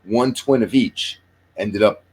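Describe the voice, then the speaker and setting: A man's voice: fairly low pitch, takes it slowly, slightly rough. A man in his sixties hosting a casual chat show, rambling through jokes and movie picks and swearing freely. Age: 60s. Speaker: podcast host.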